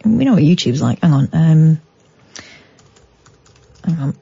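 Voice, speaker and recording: A woman's voice: sits low, very animated, unhurried, gravelly, dark tone, breathy edge, no room sound, lo-fi sound. A woman hosting late-night talk radio, reading news with chatty, wry asides and mock-dramatic emphasis. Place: radio studio. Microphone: studio microphone.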